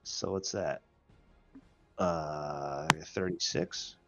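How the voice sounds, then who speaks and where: A man playing a tabletop game, speaking in a quick, matter-of-fact way as he works out his dice rolls aloud. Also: low-pitched, steady tone, vocal fry, muffled recording, loud music behind the voice. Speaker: player.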